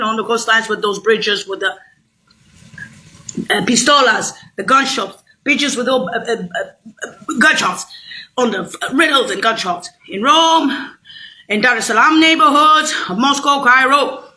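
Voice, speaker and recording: A woman's voice: fairly high pitch, pushed and bright. A woman delivering an angry, profane, rambling rant straight to the listener. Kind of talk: unscripted rant to camera.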